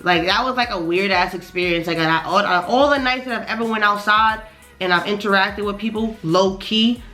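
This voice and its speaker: A woman with a bright, forceful voice tells a storytime to camera, slangy and full of swearing. She sounds annoyed and keeps asking "you know what I'm saying?" Faint music plays underneath. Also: mid-range voice, normal speed. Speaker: vlogger telling a story. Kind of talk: casual storytime monologue.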